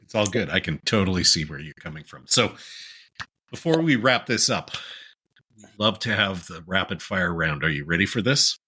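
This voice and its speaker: A man hosting an interview podcast, asking questions in an upbeat, encouraging way with quick interjections. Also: sits low, animated, bright, forceful tone, a little hiss or hum. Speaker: podcast host. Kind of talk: casual interview.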